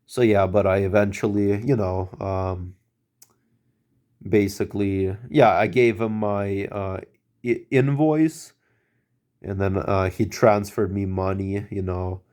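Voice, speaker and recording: A man recounting a story casually for a vlog in a lowish voice. His tone is warm and mellow rather than bright. He rambles, restarts and fills pauses with filler words. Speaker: vlogger telling a story.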